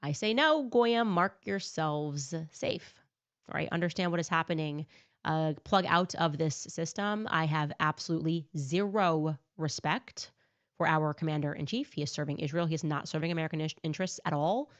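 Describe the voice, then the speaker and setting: A woman's voice: low voice, normal speed. A woman giving sarcastic, scornful political commentary on a livestream. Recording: dull lo-fi clip audio.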